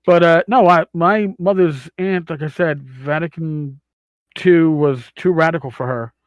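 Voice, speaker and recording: A man's voice: on the high side, a little slow, dry recording. Queens-accented man, rambling and profane. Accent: New York, Queens. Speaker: podcast host. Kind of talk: casual chat.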